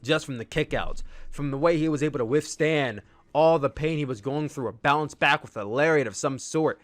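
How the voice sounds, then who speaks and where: A man giving a casual, rambling solo review of a wrestling match, enthusiastic and prone to excited outbursts. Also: fairly high pitch, moderate pace, no echo.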